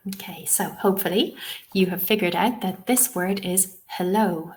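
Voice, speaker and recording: A woman's voice: lowish voice, moderate pace, a little hiss or hum. A woman leading an online lesson as a teacher trainer, explaining patiently and often checking in with "okay?". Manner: reassuring, frequent "um" and "okay?" check-ins. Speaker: TEFL trainer. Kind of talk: webinar lesson.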